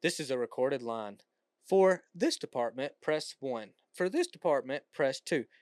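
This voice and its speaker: A man's voice: mid-range voice, expressive, measured pace, darkish tone, no room sound, clean studio sound, close to an everyday voice. A man imitating an automated phone menu in a stiff, mechanical recitation. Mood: recited.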